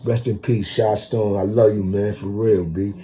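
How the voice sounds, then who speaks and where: Low-voiced Bronx man telling street stories. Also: little pitch movement, moderate pace, warm tone, dull audio, a little hiss or hum. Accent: New York. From the Bronx, New York. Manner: street slang, repeats "you heard?". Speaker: vlogger telling prison stories. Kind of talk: casual storytelling monologue.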